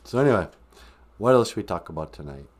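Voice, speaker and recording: A man's voice: fairly low pitch, lively intonation, quick pace. Rambling, sarcastic male podcast host. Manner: rambling and sarcastic, with many fillers. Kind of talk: live-stream comedy rant.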